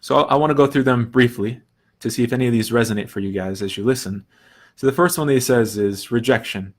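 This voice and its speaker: A young adult man hosting a recovery talk, explaining ideas earnestly in a casual teaching way, often restarting and softly acting out quoted thoughts. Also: mid-range voice, fast talker. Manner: earnest, thinks aloud with restarts and soft quoted asides. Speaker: recovery podcast host.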